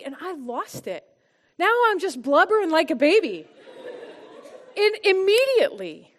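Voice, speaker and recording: High-pitched woman telling her faith story to a church group, earnest, goes soft and quiet on the big points. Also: sing-song, unhurried, long pauses, some chatter behind. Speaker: church small-group speaker. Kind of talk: personal testimony and teaching.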